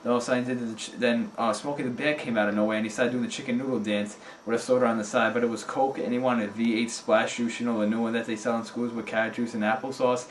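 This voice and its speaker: A man rattling off an improvised nonsense story in a rapid, deadpan stream of absurd events, recorded among friends. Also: medium pitch. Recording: echoey room from a distance, faint noise.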